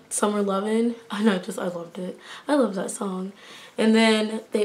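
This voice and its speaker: A young woman talking straight to her camera in an excited casual review vlog. She gushes in a bubbly rush, stacking up exclamations and fillers, with a sarcastic streak she owns up to. Her voice sits at an ordinary middle pitch for a woman. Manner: gushing and bubbly, many fillers like "oh my goodness"; self-described sarcastic. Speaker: vlogger.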